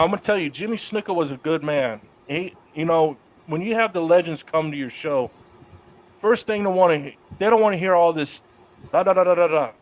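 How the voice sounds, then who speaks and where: A middle-aged man telling wrestling stories in a casual interview, profane and lively. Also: fairly high pitch, a little hiss or hum. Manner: profane, animated storyteller doing voices of others in quotes. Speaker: guest, wrestler.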